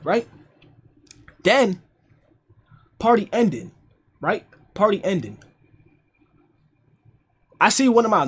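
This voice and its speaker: Husky, animated young man telling a story. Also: sits high. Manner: animated, profane, repeats lines for emphasis. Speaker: streamer. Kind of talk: casual storytime on a livestream.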